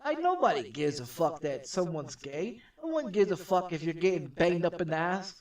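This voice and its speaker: A man streaming from his home gaming setup, telling a story in a rambling, profane, repetitive way that turns loud and heated. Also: on the high side, sing-song, moderate pace. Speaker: game streamer. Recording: echoey room, distant from the mic.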